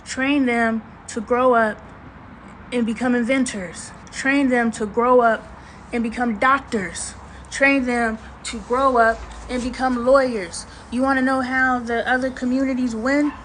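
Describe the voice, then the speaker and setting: A woman's voice: fairly high pitch, steady tone, a little slow, a bit bright, slight background noise, poor audio. A woman hosting a casual livestream chat, talking in a slangy, emphatic way with preachy asides and greeting viewers. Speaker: livestream host.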